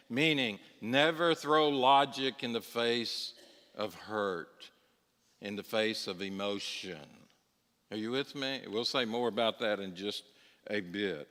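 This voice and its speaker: A man's voice: on the low side, expressive, measured pace, fairly bright tone. A middle-aged man teaching a church Bible class in a conversational way, often asking his listeners if they agree. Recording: long church-hall reverb.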